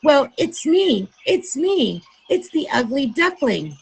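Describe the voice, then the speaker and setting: A woman's voice: high voice, very animated, slow pace, gravelly, voice pushed up, full character voice, poor audio. A woman voicing a shy young male duckling who is ashamed of his looks, speaking timidly and hesitantly. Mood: eager.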